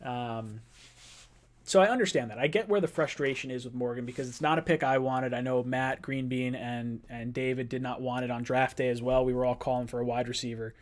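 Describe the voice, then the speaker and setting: On his live-stream sports podcast, the male host talks in quick bursts with a medium-pitched voice, keeping it casual and playful with his chat.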